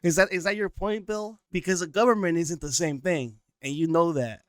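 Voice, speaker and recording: A man's voice: on the high side, steady tone, normal speed, a bit bright, dry recording, clean studio sound. A man giving casual reaction commentary, rambling with many fillers and a sarcastic edge.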